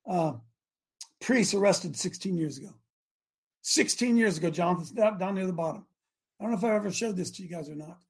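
A middle-aged man hosting a live talk show, preaching fervently to his audience with rhetorical questions and sudden shouted bursts. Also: a little high, gravelly, breathy edge.

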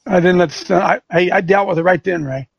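A man's voice: sits high, fast, creaky, breathy edge, dry recording, lo-fi sound. A man hosting a talk show as a coach, delivering combative, preachy commentary full of rhetorical questions. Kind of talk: fiery commentary with a call-in feel.

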